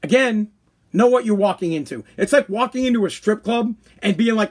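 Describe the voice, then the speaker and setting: A high-pitched man with a husky, rough edge rants on his own podcast in speech. He is blunt and crude, talking things out in a loose stream and dropping into quick mock voices to make his point. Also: lively intonation. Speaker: podcast host. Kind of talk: ranting commentary.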